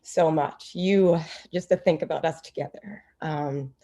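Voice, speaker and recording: Woman, 30s, low voice, emotional off-the-cuff tribute over a video call, close to tears. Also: fairly even intonation, measured pace, dark tone. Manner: rambling, gushing, many fillers. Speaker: former teammate giving a tribute. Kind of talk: unprepared heartfelt speech.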